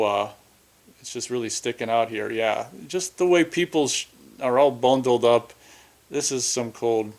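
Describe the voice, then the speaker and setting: A man from Minnesota, giving rambling, chatty commentary over a movie with frequent restarts. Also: mid-range voice. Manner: rambling, chatty, self-interrupting. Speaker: film commentator.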